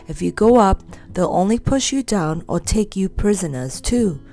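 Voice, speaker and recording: A woman's voice: medium pitch, lively intonation, moderate pace, dark tone, soft background music, lightly acted. A woman voicing a small, kindly red squirrel in a storybook reading. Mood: worried.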